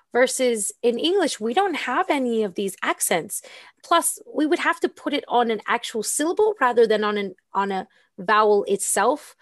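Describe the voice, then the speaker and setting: A woman's voice: fairly high pitch, no echo, clean studio sound. A woman co-hosting a casual talk as an English teacher, explaining fluently with frequent ums.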